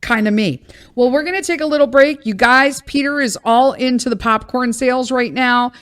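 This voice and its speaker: A blunt, exasperated woman in her thirties with a light drawl, venting about home life on her podcast. Her voice sits a little high, and she swears freely as she rants in a casual, unscripted way. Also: moderate pace, a bit bright. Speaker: podcast host.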